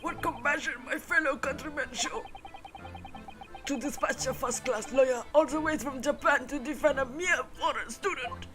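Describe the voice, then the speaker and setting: A woman's voice: high voice, moderate pace, over music, lightly acted. A woman voicing a theatrical, eccentric young male student prisoner who talks in flowery, wailing outbursts. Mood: gushing.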